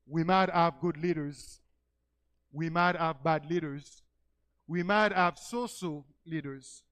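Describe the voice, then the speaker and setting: A male pastor telling a personal story in a sermon, rising from quiet storytelling to emphatic preaching cries. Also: a little high, measured pace, clean tone, rough recording.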